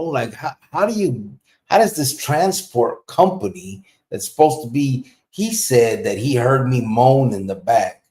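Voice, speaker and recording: A man's voice: mid-range voice, darkish tone. Profane storytelling man, roomy sound. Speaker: podcast host. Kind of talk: casual storytelling. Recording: roomy echo.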